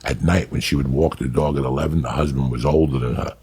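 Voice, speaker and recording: A middle-aged man, a podcast host, telling profane stories in casual chat with a gravelly voice. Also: extremely low pitch, quick pace. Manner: profane, animated storyteller.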